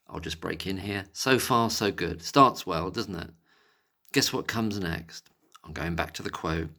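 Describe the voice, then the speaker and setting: A man's voice: deep voice, unhurried, pushed and bright. A man ranting angrily in a monologue, exasperated and sarcastic, with plenty of swearing. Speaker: vlogger.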